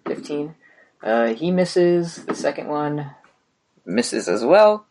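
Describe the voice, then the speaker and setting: A man's voice: a little high, expressive, slow pace, darkish tone. A man narrating as game master in a tabletop game, casual and full of fillers. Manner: casual, hesitant with many fillers.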